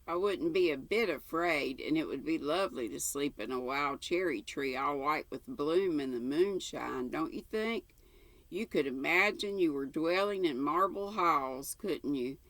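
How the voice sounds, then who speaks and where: A woman's voice: low voice, unhurried, a bit bright, no echo, full character voice. An older woman reading aloud and voicing a chatty, imaginative orphan girl in a breathless, eager, rambling way. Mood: eager chatter.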